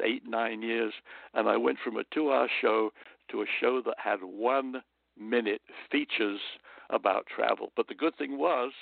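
A man's voice: mid-range voice, vocal fry, no room sound. A man from London with a British accent, a guest telling stories in an interview, an earnest raconteur who slips into motivational asides. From London, England. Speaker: guest storyteller. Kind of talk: anecdotal interview storytelling. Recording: dry, tinny phone line.

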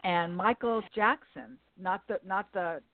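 A woman's voice: medium pitch, measured pace, creaky, slight background noise. A woman hosting a podcast interview, upbeat and welcoming as she introduces her guest and asks questions. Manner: upbeat and welcoming, with some self-interrupting restarts. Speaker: podcast host. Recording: dry, phone-like line.

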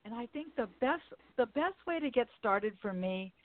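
A woman's voice: fairly high pitch, expressive, normal speed, no room sound. A woman hosting a podcast interview, upbeat and welcoming as she introduces her guest and asks questions. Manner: upbeat and welcoming, with some self-interrupting restarts. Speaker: podcast host. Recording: dry, phone-like line.

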